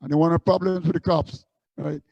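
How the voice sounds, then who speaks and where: Guy rambling through busking stories, gravelly voice, dry sound. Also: fairly high pitch, steady tone, quick pace, no echo, highs cut off. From Guyana. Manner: rambling anecdotes with many restarts. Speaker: street musician guest. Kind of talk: casual storytelling interview.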